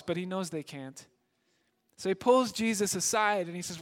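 A man preaching a sermon as a dramatic story, shifting between loud emphasis and hushed moments. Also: high voice, moderate pace. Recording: long hall reverb.

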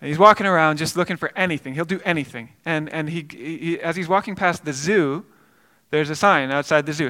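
A man's voice: on the high side, moderate pace, bright, forceful tone, big-room sound. A male pastor preaching a sermon, telling a story earnestly with frequent repeated words and restarts.

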